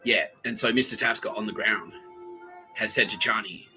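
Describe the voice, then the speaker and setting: A man hosting a comedy podcast, rambling and profane as he retells scenes and acts them out in quick voices. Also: fairly low pitch, music in the background, low-quality recording. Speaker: podcast host. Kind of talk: comedic monologue.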